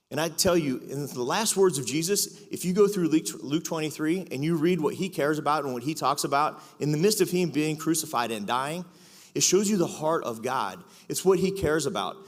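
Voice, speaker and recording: A man's voice: fairly high pitch, expressive, brisk. Man preaching in an echoing church hall. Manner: conversational, confessional, joking asides. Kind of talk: sermon. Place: church auditorium. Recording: echoey hall reverb.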